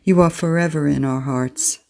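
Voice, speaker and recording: Woman listener, deep and mellow, reads an earnest thank-you letter at a steady pace. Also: creaky. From United States. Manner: measured, earnest. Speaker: listener message reader. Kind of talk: reading a heartfelt letter.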